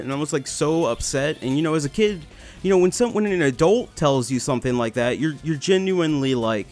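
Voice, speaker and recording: A man's voice: on the high side, lively intonation, brisk, darkish tone, faint music behind. A young man commentating his gameplay, telling a story in a rambling, swearing way with many restarts. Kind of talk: casual storytelling over gameplay.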